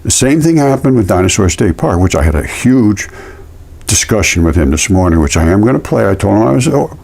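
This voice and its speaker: A man's voice: fairly low pitch, brisk, creaky, husky. A man talking indignantly in a casual vlog while showing specimens, repeating himself as he tells the story. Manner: indignant, repetitive, animated storytelling. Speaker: amateur fossil presenter.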